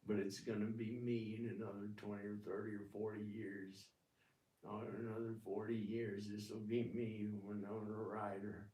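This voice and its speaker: A man doing an impression of a boastful, wealthy famous actress, drawling slowly. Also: fairly low pitch, level tone, dark tone, recorded from a distance, lightly acted. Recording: echoey room, off-mic.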